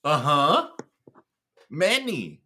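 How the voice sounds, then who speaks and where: Male podcast co-host, bright voice, lively swings in pitch, playfully exasperated. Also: drawn-out words, breathy edge. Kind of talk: casual chat.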